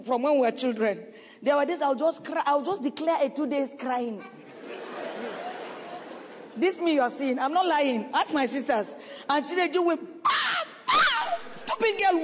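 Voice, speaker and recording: A middle-aged woman pastor preaches to her congregation, her words pleading and earnest. At times she drops to a hushed, slowed delivery before rising again. Her voice carries a long reverb through a big church hall. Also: high voice. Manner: earnest and pleading, with sudden drops to a soft, slow voice. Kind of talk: sermon. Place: church sanctuary.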